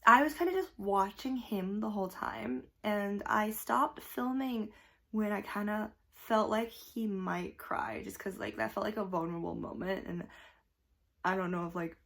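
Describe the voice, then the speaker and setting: Gushing young woman with a gravelly edge. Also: medium pitch, expressive, a little slow, a bit bright. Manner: gushing, chatty, full of fillers. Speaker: vlogger. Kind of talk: casual chat.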